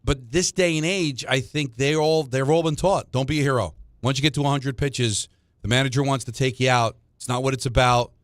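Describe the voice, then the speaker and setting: A man's voice: mid-range voice, a little fast, dry recording, clean studio sound. A man co-hosting sports talk radio, telling stories with lots of restarts and repeated words. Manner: animated storyteller, repeats words when starting.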